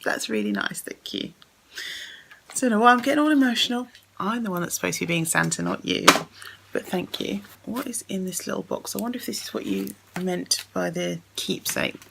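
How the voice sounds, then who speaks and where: A woman's voice: medium pitch, big pitch swings, brisk, vocal fry, background noise. A young woman chatting casually as she unboxes a gift on camera, effusive and full of thanks. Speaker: beauty vlogger.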